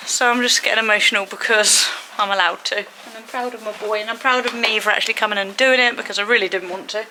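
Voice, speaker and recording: A woman's voice: mid-range voice, steady tone, fast talker, noisy background. A woman, vlogging and talking fondly to her horse in a stable, emotional and close to tears. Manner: chatty, affectionate, talks fondly to her horse. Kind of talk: casual vlog chat. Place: outdoors and in a stable at a horse event.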